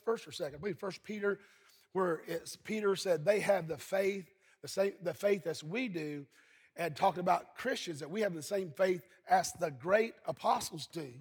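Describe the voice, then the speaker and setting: A pastor from Eastern Kentucky preaching a sermon, telling folksy stories and breaking into shouts. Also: male voice, high-pitched. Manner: folksy storytelling, bursts into shouting. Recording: husky voice in a long-reverb hall.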